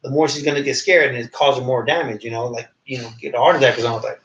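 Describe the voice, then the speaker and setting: Animated male storyteller in roomy room. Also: very fast. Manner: animated storyteller, acts out quoted voices. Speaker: podcast co-host. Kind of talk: casual storytelling chat. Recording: roomy, dull low-fi sound.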